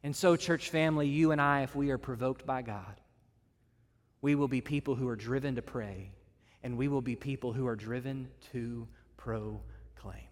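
A man's voice: medium pitch, steady tone, normal speed. A pastor preaching a sermon to his church, earnest and building his points through repeated phrases and lists. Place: church meeting room. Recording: long reverb of a hall.

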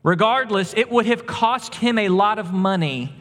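A man's voice: high-pitched, moderate pace, fairly bright tone, in a large hall. A man preaching a sermon, explaining a scripture passage and painting the scene vividly for his listeners. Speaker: pastor.

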